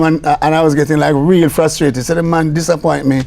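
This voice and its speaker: An older Jamaican man with a fairly high speaking voice tells stories as a guest on a talk show. He speaks as a record producer, animated and anecdotal, sliding between patois and English. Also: fast talker, creaky. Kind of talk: storytelling interview talk.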